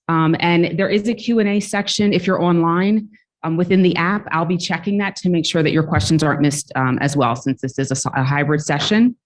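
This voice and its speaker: A woman's voice: fairly low pitch, a little mellow. A young woman moderating a session in a small conference room, speaking in a friendly, informal way with many fillers. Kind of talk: event introduction.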